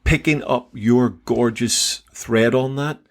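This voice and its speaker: An older man co-hosting a Bible podcast, talking excitedly in halting bursts, repeating words as he goes. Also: mid-range voice. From England. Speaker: podcast co-host. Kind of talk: casual Bible discussion.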